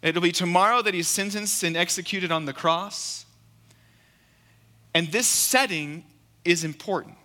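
A man's voice: high-pitched, unhurried, pauses often, bright, forceful tone, big-room sound. A man preaching a sermon, reading scripture and then explaining it in an earnest, emphatic way, repeating key phrases. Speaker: guest preacher.

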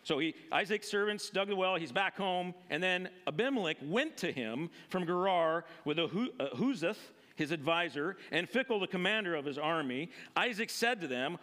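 A man with a high, bright voice preaches a sermon. He is casual and conversational, with plenty of fillers as he retells a scripture story. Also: expressive, normal speed, hardly any pauses. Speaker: pastor. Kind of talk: sermon with Bible reading.

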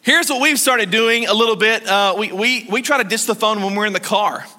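A man's voice: high-pitched, brisk, bright, forceful tone, big-room sound. A man in his thirties preaching a sermon as pastor, conversational and joking, acting out short quotes.

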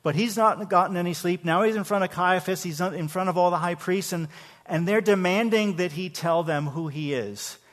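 A man's voice: sits high, normal speed. A man preaching a sermon to his congregation in a church, talking conversationally, often repeating words as he starts a phrase, and asking his listeners questions. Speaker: pastor. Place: church sanctuary. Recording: long hall reverb.

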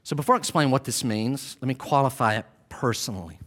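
A man's voice: medium pitch, fast talker, fairly bright tone. A man preaching a sermon who speaks to the congregation directly and hammers home key phrases by repeating them. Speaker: pastor.

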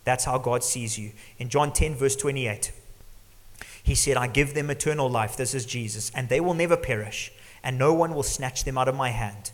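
A man's voice: medium pitch, moderate pace. Preaching man in a reverberant hall. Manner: earnest preaching, drops to a hush for emphasis. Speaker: pastor. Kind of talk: sermon. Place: church hall. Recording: long church reverb.

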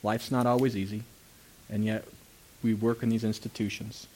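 A man's voice: fairly low pitch, flat delivery, normal speed. A pastor preaching a sermon in a conversational way, asking rhetorical questions, laughing lightly at times, and raising his voice on emphatic points. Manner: voice rises and gets loud on emphatic points.

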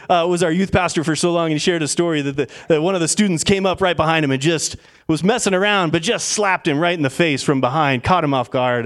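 A man preaching a sermon as pastor, talking in a casual storytelling way with plenty of fillers. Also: fairly high pitch.

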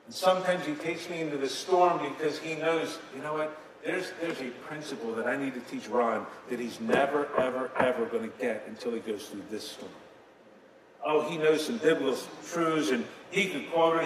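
A man's voice: fairly high pitch, noisy background. Male preacher in an echoey hall. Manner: dramatic retelling with sudden loud and soft swings. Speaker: pastor. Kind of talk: sermon. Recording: echoey hall from a distance, faint ambience.

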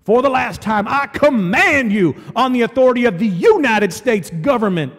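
A man's voice: sits high, expressive, moderate pace, darkish tone. A man voicing an angry, commanding male navy captain who barks indignant orders over the radio. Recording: long hall reverb.

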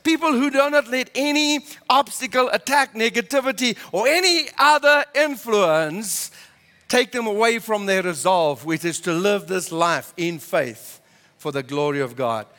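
A man's voice: sits high, animated, measured pace, pushed and bright. A man, a pastor preaching a passionate, emphatic sermon in church. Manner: passionate, emphatic, repeats words when building up. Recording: reverberant church hall.

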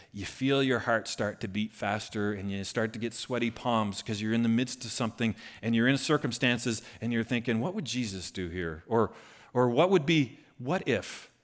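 A man preaching a conversational sermon, retelling a scripture story with lively bursts. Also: mid-range voice. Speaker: pastor.

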